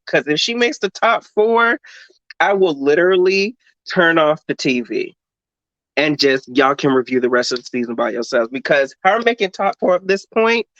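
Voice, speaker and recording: A man's voice: on the high side, fairly bright tone, no echo. A man co-hosting a podcast, giving a blunt, sassy, profanity-heavy review in casual chat. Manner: blunt, sassy, swears a lot. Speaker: podcast co-host. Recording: dull lo-fi dry sound.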